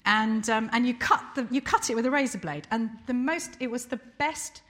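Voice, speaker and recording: Animated woman in her sixties telling stories. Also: a little high, normal speed. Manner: animated and self-deprecating, with frequent fillers. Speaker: speaker recounting her career. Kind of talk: anecdotal storytelling to an audience.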